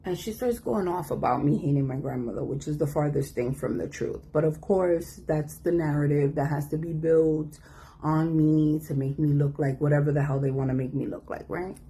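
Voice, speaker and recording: A woman telling a personal story in a casual, animated way, acting out the voices of the people in it. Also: low-pitched, normal speed, a little hiss or hum. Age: adult. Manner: animated, acts out quoted voices.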